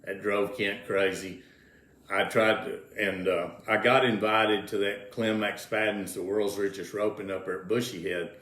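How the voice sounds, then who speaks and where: A man's voice: fairly low pitch, steady tone, measured pace, fairly bright tone. An older man, telling folksy rodeo stories as an interview guest, repeating words as he goes. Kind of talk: casual storytelling. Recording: roomy echo.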